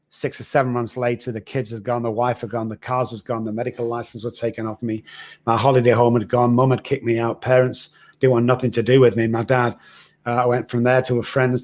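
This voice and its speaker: In a mid-range, slightly mellow voice, a middle-aged recovery expert opens up as a podcast guest. He tells his own difficult story frankly, in an earnest, raw way.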